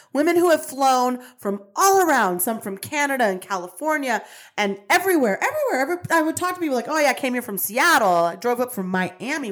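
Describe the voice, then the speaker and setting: A woman hosting a podcast, giving a fervent, emphatic spiritual pep talk. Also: a little high. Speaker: podcast host. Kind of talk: motivational monologue.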